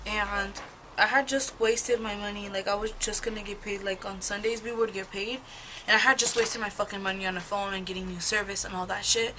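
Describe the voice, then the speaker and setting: A young woman talks a little fast in a medium-pitched voice with fairly even intonation, and the background is noisy. She's a beauty vlogger in a casual get-ready-with-me chat at home, doing makeup while telling a rambling, gossipy, profane story.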